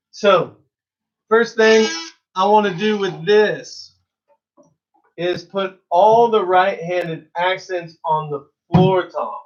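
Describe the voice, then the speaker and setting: A man's voice: high voice, dull audio. A man teaching an online drum lesson, chatting casually and counting students through the exercises. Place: drum studio. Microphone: phone camera.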